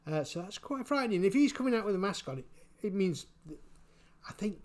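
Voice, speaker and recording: A man giving casual spoken commentary, halting and repeating his words, chuckling often. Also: high-pitched, sing-song, a little mellow. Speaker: vlogger.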